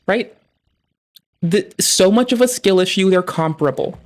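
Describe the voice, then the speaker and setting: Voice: medium pitch, normal speed, long pauses. Blunt, ranting streamer, swearing constantly. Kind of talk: casual profane stream commentary.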